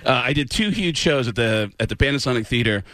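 A man's voice: medium pitch, fast, dry recording. A man in his forties, a comedian and guest, telling stories casually in an interview and slipping into character voices. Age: 40s. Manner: animated storyteller who slips into character voices.

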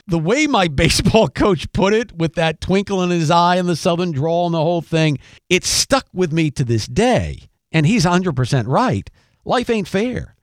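Older guy ranting on his podcast, pitch jumps all over, super dry mic. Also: no echo. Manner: emphatic, repeats phrases for punch. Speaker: radio and podcast host. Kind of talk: opinionated monologue.

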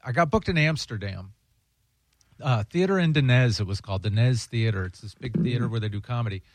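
A man's voice: mid-range voice, lively intonation, a little fast, dry recording. A man, a guest comedian, chatting casually and telling road stories in a laid-back way. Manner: laid-back storyteller, says "dude" and "bro". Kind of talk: casual chat.

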